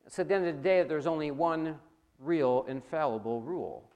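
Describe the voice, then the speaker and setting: Male preacher, slightly higher voice, lively lecturing sermon delivery. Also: a little fast, highs cut off. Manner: animated, rising emphasis, addresses audience directly.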